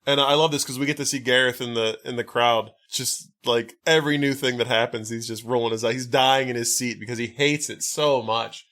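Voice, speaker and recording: A man's voice: mid-range voice, steady tone, a little fast, hardly any pauses, sharp tone. Wry, rambling male podcast host. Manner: wry, profane, rambling recap with many fillers. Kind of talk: casual movie recap chat.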